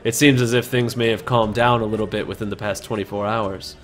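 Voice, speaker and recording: A man's voice: fairly low pitch, brisk, faint music behind, lightly acted. A man voicing a suave, charming male paladin investigator who speaks courteously in a tabletop game. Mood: smooth. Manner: smooth, courteous, flattering.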